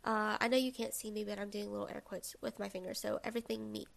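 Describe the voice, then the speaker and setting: A young woman with a lilt talks through her solo podcast in an easy, rambling way. Her voice sits in a middle pitch and crackles with strong vocal fry. She fills her talk with little asides and jokes at her own expense. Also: steady tone, quick pace. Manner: chatty and self-deprecating, many fillers and asides. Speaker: podcast host. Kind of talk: casual solo podcast monologue.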